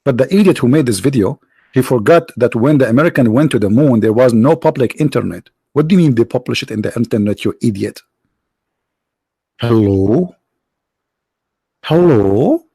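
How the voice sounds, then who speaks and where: Sarcastic man, English, lively pitch. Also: fast talker, vocal fry, breathy edge, dry recording, clean studio sound. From Middle East. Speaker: religion critic. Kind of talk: mocking monologue.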